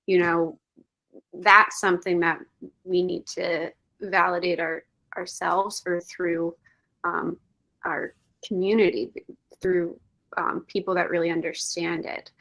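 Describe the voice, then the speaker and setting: Slow, hesitant woman with a low voice. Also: creaky. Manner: slow, hesitant, soft-spoken. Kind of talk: casual talk, video call town hall.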